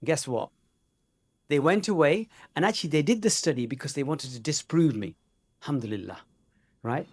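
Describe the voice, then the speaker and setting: A man's voice: fairly high pitch, expressive, normal speed, pauses often, darkish tone, slightly rough. A man giving a conversational, joking medical conference lecture, with many fillers. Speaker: conference speaker.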